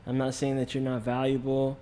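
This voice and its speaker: A man hosting a casual podcast conversation, speaking in a relaxed way and often pausing with fillers as he searches for words. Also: medium pitch, a little hiss or hum. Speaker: podcast host. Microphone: studio microphone.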